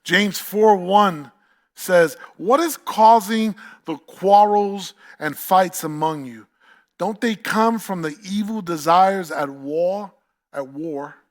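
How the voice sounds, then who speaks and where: A pastor with a New York accent preaches a sermon at a slow pace in a voice that sits high. He's emphatic, repeating key phrases and putting questions to the congregation.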